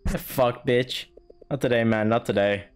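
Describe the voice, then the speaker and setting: A young man doing casual game commentary, mocking and swearing often in a deadpan way. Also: mid-range voice, moderate pace, clean tone, soft background music. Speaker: gaming youtuber.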